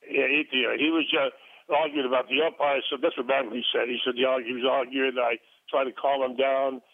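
A man's voice: medium pitch, steady tone, a little fast. Older man on a tinny phone line. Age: 70s. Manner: rambling, anecdotal, chuckling. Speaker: retired ballplayer guest. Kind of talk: casual phone-in chat.

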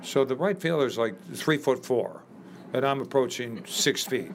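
An older man from Chicago, a guest in an interview, telling lively anecdotes with many fillers. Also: mid-range voice, a little slow, creaky, a little hiss or hum. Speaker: interview guest, former ballplayer. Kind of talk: storytelling in a conversation.

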